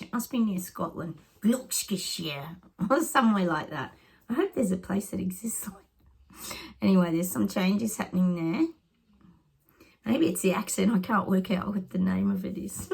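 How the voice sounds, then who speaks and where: A woman's voice: lowish voice, vocal fry, husky. A middle-aged woman psychic giving rambling predictions to her viewers, thinking aloud and often dropping into whispered asides.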